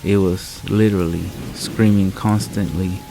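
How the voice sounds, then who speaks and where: A man narrating a scary story in a calm, measured, deadpan way. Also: deep voice, gravelly, background noise. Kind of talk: scripted narration. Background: rain and faint music.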